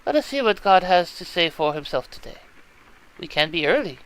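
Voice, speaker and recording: A man voices a brooding, fanciful schoolgirl. She speaks in a stiff, theatrical way with no contractions. The voice sits high and bright and moves a lot. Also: sing-song, a little fast, smooth, poor audio. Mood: melodramatic. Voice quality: theatrical, formal phrasing without contractions. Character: dramatic Russian schoolgirl, gloomy and fanciful.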